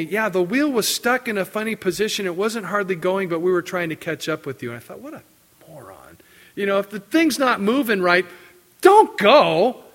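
Middle-aged male preacher, sermon storyteller who acts out the quotes. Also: sits high. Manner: animated storytelling, acting out quotes. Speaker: pastor.

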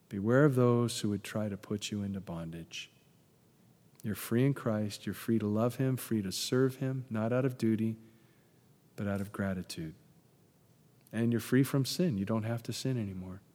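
A man's voice: fairly low pitch, unhurried, pauses often. Preaching man in a reverberant hall. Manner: animated, rising to loud emphatic peaks then dropping to soft prayer. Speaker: pastor. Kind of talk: sermon.

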